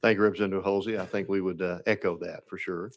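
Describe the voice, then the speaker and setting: A man's voice: deep voice, steady tone, quick pace. A man chairing a legislative committee hearing, polite and procedural.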